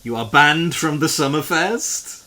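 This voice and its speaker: A man's voice: on the high side, measured pace, sharp tone. A man streaming live, chatting casually with viewers while he plays a game, joking and swearing freely. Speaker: variety streamer.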